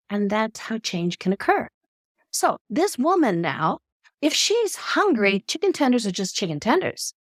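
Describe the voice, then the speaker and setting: A woman guest on a podcast interview who explains her ideas in an expressive, storytelling way. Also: medium pitch, no echo, clean studio sound. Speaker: podcast guest, eating expert. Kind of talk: conversational explanation.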